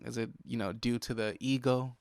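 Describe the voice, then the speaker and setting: A man's voice: medium pitch, steady tone, normal speed, darkish tone, no room sound, studio quality. A young man, hosting a solo podcast and venting in an irritated, profane way about what upsets him. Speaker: podcast host. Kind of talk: solo casual podcast monologue. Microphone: close podcast mic.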